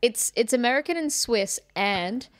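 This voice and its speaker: A woman's voice: on the high side, animated, normal speed, no room sound, studio quality. A woman with an Australian accent co-hosting a podcast, chatting candidly about a film, swearing freely. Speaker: podcast co-host. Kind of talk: casual chat.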